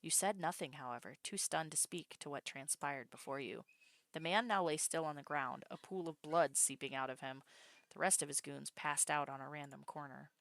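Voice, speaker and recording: A woman streamer reading a story game aloud, breaking off into excitable, swearing reactions. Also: sits low, moderate pace, gravelly, dry recording.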